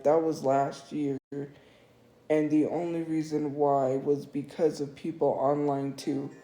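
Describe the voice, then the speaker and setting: This livestreamer has a low-pitched, dark-toned voice and is clearly upset, defending herself and repeating her words in an emotional monologue. Behind her is an echoey room with faint music.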